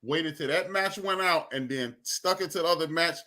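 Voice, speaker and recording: A man co-hosting a casual review chat, an animated storyteller who acts out voices. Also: a little high, normal speed. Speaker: podcast co-host.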